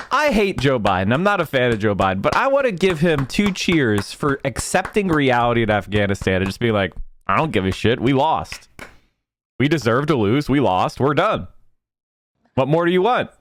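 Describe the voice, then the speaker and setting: A man's voice: mid-range voice, dry recording, studio quality. A man hosting a livestream, reacting to news clips with profane, sarcastic commentary. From United States. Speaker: political streamer.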